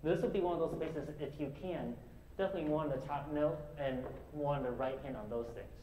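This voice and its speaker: A man teaching a piano master class, singing rhythms aloud and talking in halting bursts with restarts. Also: a little high, a little hiss or hum. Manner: sings rhythms aloud to demonstrate; halting, many restarts and fillers. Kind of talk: coaching a student at the piano. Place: concert hall with piano. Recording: roomy hall sound with loud piano. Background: piano playing.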